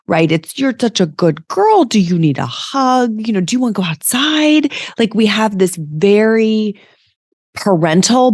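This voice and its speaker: A woman's voice: sits low, a little mellow, no room sound, studio quality. A woman hosting a reflective self-help podcast as a coach, talking conversationally and often checking in with "right?".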